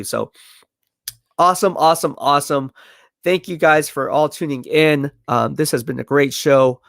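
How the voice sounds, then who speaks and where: A man's voice: on the high side, normal speed, gravelly, a bit bright, no room sound. A worn-out man signs off a long sports live stream, his voice tired and fading. He talks in a loose, chatty way and repeats himself as he thanks his viewers. He is close to a dry mic with no room sound. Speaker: podcast live stream host. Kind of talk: casual live stream sign-off.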